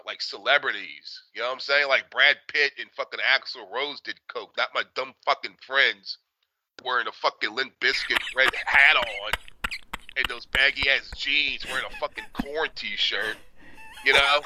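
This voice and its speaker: Podcast co-host, man in his 40s, very bright voice, swears freely, dry close mic. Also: mid-range voice, no room sound. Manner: profane, animated storytelling. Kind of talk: casual chat.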